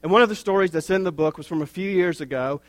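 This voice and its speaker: A pastor delivering a sermon in a slow, earnest way, with wry asides. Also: male voice, sits high, no room sound.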